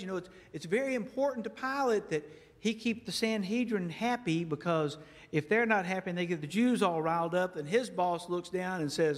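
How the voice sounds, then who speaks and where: A man preaching a sermon as a guest speaker, telling stories in a lively way and acting out dialogue in a church. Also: high-pitched, fairly quick. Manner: animated storytelling, acts out dialogue. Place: church sanctuary. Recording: echoey church hall.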